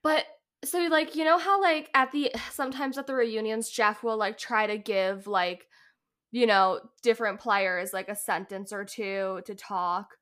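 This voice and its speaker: A woman co-hosting a casual podcast, chatty and animated, talking in quick bursts full of restarts. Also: medium pitch. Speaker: podcast co-host. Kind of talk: casual chat recapping a reality show.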